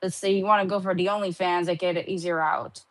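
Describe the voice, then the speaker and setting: A woman's voice: lowish voice, steady tone, quick pace, poor audio. A woman joining an audio chat to ask a question in a casual, conversational way. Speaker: participant asking a question.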